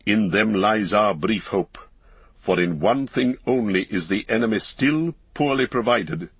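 A man voicing an old male wizard, grave and commanding, with a measured, solemn delivery. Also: fairly low pitch, expressive, breathy edge, no room sound, lo-fi sound. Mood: calm.

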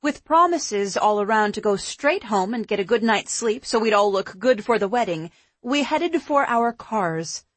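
A woman reads a first-person audiobook in an even, measured way. Her voice is mid-range, and the recording sounds dry.

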